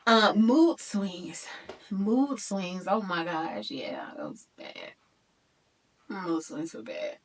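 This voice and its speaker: A woman in her thirties telling a personal story to her viewers in a lively, chatty way, talking to them as y'all. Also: fairly low pitch, slow pace, far from the mic. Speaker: vlogger.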